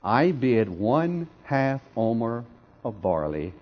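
A man preaching, voicing a quiet, resolute male prophet who speaks low and measured in a dull lo-fi recording. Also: big pitch swings. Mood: hushed resolve.

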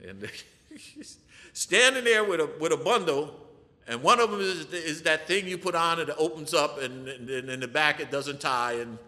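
Man, church testimony, animated rhetorical questions, forceful bright tone, long hall reverb. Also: a little high, normal speed. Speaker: person giving a testimony.

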